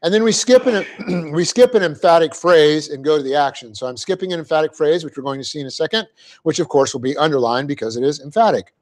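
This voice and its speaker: A middle-aged man leads a Bible class in a church classroom, his voice sitting a little high for a man. He talks through grammar step by step, keeps checking that his listeners follow, and chuckles easily at his own mistakes. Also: lively intonation. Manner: explanatory, often checking in with "okay?"; light-hearted, quick to laugh at himself. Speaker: Bible teacher. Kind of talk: classroom lecture on Greek grammar.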